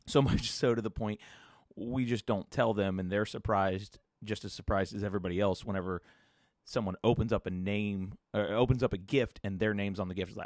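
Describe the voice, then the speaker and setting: Guy in his 30s doing a chill solo podcast, lowish voice, dry close sound. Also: moderate pace, dry recording. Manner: casual storytelling with fillers and restarts, sometimes whispering quotes. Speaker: podcast host.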